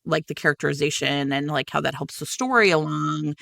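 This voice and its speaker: A woman co-hosting a podcast in casual chat, animated and swearing freely. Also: low-pitched, brisk, gravelly, no echo. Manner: animated, swearing, exaggerated quoting. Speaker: podcast co-host.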